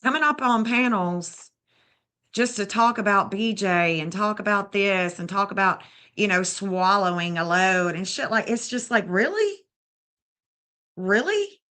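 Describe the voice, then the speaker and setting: Woman, fifties, indignant, streamer commentary, bright tense voice. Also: mid-range voice, moderate pace, clear, resonant tone. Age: 50s. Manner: blunt, indignant, scolding. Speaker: true crime streamer. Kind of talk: casual livestream commentary.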